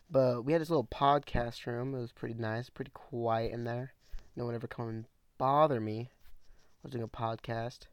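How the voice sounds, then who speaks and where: Young male podcast host, rambling slangy chat, gravelly, dry room. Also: mid-range voice, no room sound. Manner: rambling, casual slang, says bro. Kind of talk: casual solo podcast chat. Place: small room at home.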